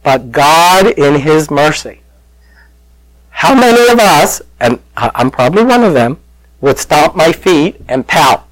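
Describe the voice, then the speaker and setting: Speaking on the high side and a little slowly, this pastor delivers a sermon in a conversational, animated storytelling style, calling out to his congregation. The recording is dry and low in quality.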